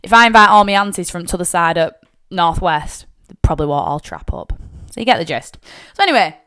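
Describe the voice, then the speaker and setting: In a smooth, fairly low voice that runs a little fast, a young woman from Lancashire delivers a monologue of personal stories on her podcast. Her Northern English accent accompanies a candid, chatty style with free swearing, turning animated as she plays out her relatives.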